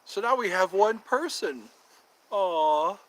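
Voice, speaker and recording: A man's voice: high voice, lively intonation, slow, fairly bright tone, poor audio. A man hosting a casual livestream, chatting with viewers in a playful, jokey, teasing way. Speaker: livestream host.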